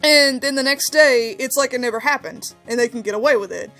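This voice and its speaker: Young female host, chatty game talk, slightly high voice, faint music underneath. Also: a little fast. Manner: animated storyteller, rising to high exclamations. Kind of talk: casual game discussion.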